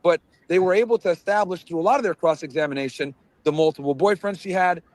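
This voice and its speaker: A man explains the details of a case on a live stream in a plain, matter-of-fact way. His voice sits high. The sound is close and dry. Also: fast, no room sound.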